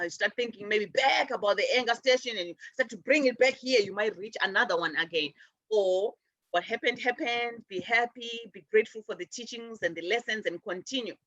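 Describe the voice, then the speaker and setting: A middle-aged woman hosting a spiritual show, teaching gently in a loose, rambling way with many restarts. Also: a little high, dry recording, dull audio.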